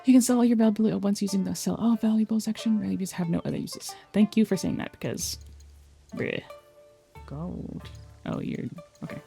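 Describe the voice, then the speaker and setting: A woman's voice: mid-range voice, fairly quick, creaky, dark tone, soft background music. A woman streaming a game in casual commentary, thinking aloud, reading game text out and repeating words back.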